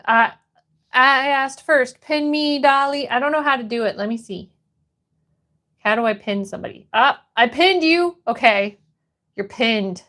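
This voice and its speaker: A woman from Florida with a high voice hosts a relaxed livestream. She reads viewer comments aloud in an unhurried way and chats back between painting steps. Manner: reads viewer messages aloud and answers them while painting. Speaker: livestream host. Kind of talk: casual livestream chat.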